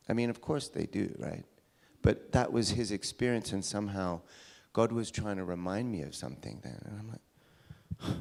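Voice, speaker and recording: Low gravelly British-American preacher. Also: male voice, expressive, moderate pace, darkish tone. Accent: British with an American tinge. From England. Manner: storytelling with restarts. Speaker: pastor. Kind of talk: sermon. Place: church service.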